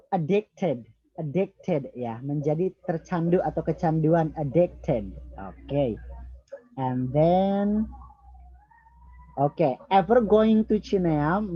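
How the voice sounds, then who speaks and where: A man with an Indonesian accent, a native Indonesian speaker, giving English feedback in an online lesson and slowly repeating words while correcting pronunciation. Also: a little high, dry recording. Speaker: English tutor. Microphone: video call. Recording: dull lo-fi video call audio.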